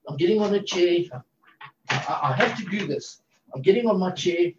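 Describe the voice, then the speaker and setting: A man preaching a fervent, excitable sermon. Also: high-pitched, moderate pace, lo-fi sound, slight background noise.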